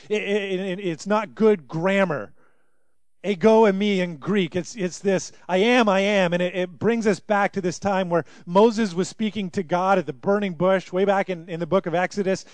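A man's voice: sits high, a little fast, no room sound. A man preaching a sermon as pastor, in an earnest, emphatic way.

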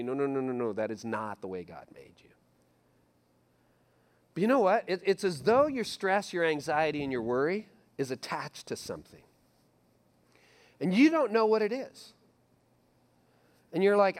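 A middle-aged man preaching a sermon as pastor, animated and repetitive, acting out his listeners' inner voices. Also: high voice, a little slow, pauses often.

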